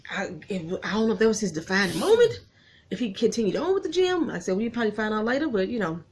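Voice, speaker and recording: A woman recapping a TV episode in an animated, chatty way, talking straight to her viewers and getting emotional as she goes. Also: medium pitch, quick pace. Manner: animated, gets emotional and laughs often; folksy, talks straight to viewers.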